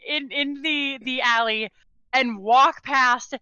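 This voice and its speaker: Bright-voiced woman running a tabletop game. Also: high voice, slow, smooth, no echo, dull audio. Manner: casual, hesitant, many fillers. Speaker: game master.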